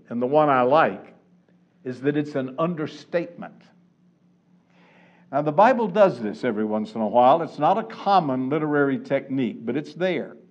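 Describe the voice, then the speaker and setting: A man with a fairly high voice preaches a sermon, drawing out key words for emphasis. The recording is dull and lo-fi. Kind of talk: expository sermon.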